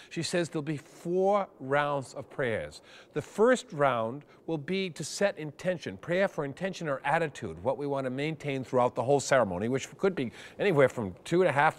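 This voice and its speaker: A middle-aged man performing a wry, animated storytelling monologue, over a steady hum. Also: on the high side, fairly quick. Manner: animated, wry, increasingly breathless. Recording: hum and noise under voice.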